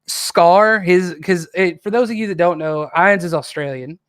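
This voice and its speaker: A man's voice: high-pitched, moderate pace, clean tone, no echo, studio quality. A man with a Southern US country accent, chatting casually as a podcast guest and telling stories with lots of laughter. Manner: animated storyteller, laughs often. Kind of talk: casual chat.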